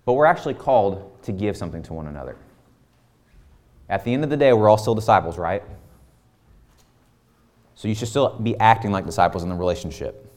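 A man's voice: lowish voice, expressive, fairly quick, pauses often, a little mellow. A man in his thirties preaching a conversational sermon full of rhetorical questions. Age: 30s. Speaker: pastor.

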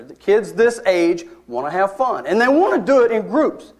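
A man with a fairly high voice delivers a storytelling sermon. He talks in a conversational way, leans hard on key words and drops wry asides to his listeners. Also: sing-song, normal speed. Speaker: preacher.

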